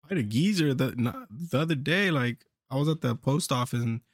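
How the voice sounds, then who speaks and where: Rowdy, gravelly man telling a loud story. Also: medium pitch, expressive, fairly quick, dry recording, clean studio sound. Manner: rowdy storyteller, acts out voices loudly. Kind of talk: casual chat.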